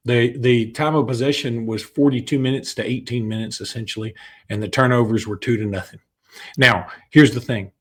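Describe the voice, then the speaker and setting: A man with a husky, medium-pitched voice co-hosts a sports podcast. He breaks down a game in a chatty, joking way, often restarting his sentences.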